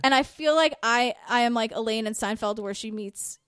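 A woman guest on a podcast, gushing and animated as she retells a story in casual chat. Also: fairly high pitch, normal speed, clean tone, no echo, studio quality.

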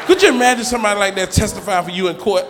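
A man's voice: high voice, creaky, heavy background noise. A man performing a stand-up comedy set, telling stories and acting out voices on a club stage. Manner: animated storytelling, acting out voices. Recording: live club recording, long reverb, loud crowd.

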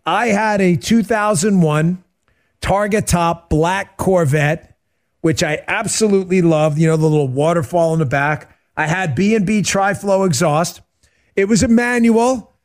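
A middle-aged man hosting a radio talk show, chatting casually and answering listener questions as an animated, joking storyteller. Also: sits high, moderate pace. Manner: animated, joking storyteller who acts out quotes.

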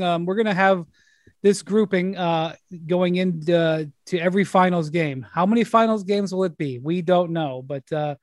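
High-voiced male podcast host. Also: no echo, clean studio sound. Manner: relaxed, hesitant with many fillers. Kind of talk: casual sports chat.

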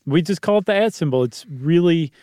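A man co-hosting a podcast with a fairly high voice and a playful, teasing way of talking. He chats casually and throws in quick jokes. The sound is dry and close, straight into a studio microphone. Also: lively intonation, mellow, dry recording. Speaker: podcast co-host.

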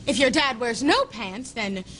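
A woman doing a deadpan advice giver. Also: a little high, unhurried, a little hiss or hum. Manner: deadpan, punchline timing. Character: deadpan young woman giving odd life advice. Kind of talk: sketch comedy.

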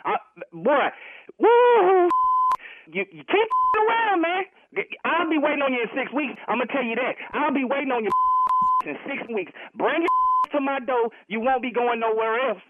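Male phone caller, high lively voice, agitated and threatening, phone-line sound. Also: moderate pace. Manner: agitated, threatening, loud and animated. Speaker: prank call target.

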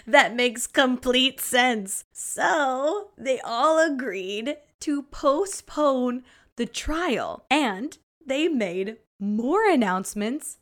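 A woman hosts a podcast and tells a story in a relaxed, playful way. Her voice sits fairly high, and she takes her time with each phrase. She often breaks into laughter and drops to dramatic whispers. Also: very slow. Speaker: podcast host. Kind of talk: casual storytelling narration.

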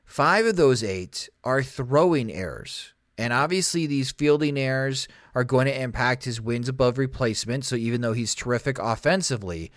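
A man hosting a casual sports talk show, running through stats briskly and turning questions to his co-host. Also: medium pitch, a bit bright, dry recording, studio quality. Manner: brisk, stat-heavy, addresses co-host. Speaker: podcast host.

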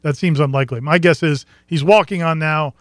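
A man's voice: a little high, a little fast, dry recording, studio quality. A man co-hosting a casual sports talk radio show, breaking down the game in a matter-of-fact way. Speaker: sports radio co-host and analyst.

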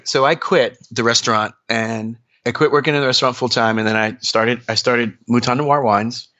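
Animated man telling stories, slightly dull. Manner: animated, lots of fillers and pitch jumps. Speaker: interview guest. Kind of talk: casual storytelling.

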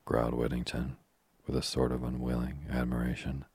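A man reading a novel aloud in measured, even scripted narration. His voice is extremely deep and flat, with a husky grain. The recording is dry and close. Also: no room sound. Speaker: audiobook narrator.

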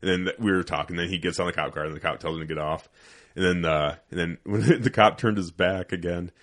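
A man with a very deep voice tells a swearing-heavy story from his Army days. The talk is casual and unpolished, full of quick acted-out quotes. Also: steady tone, fairly bright tone. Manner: profane, with frequent acted quotes. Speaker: guest, former Army sniper.

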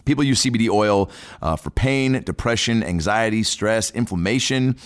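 A man's voice: on the low side, expressive, normal speed. A man reading a sponsor ad on a podcast, playful and joking between lines. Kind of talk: read ad spot, joking.

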